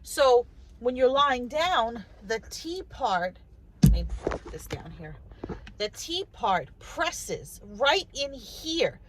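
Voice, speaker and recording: Chatty woman with a high voice. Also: sing-song, slow, very noisy. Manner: chatty, restarts and repeats words, quotes others. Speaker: vlogger. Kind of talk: casual storytelling to camera.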